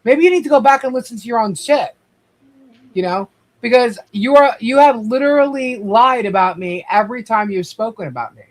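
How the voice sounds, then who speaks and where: A woman's voice: on the high side, brisk. Indignant woman guest, live stream chat, piles up grievances in repeated lists. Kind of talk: heated live stream talk.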